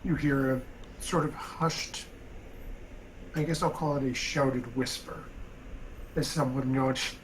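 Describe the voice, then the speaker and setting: A man narrating as game master of a tabletop game, pausing often with ums and uhs. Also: mid-range voice, steady tone, background noise. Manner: halting, many ums and uhs.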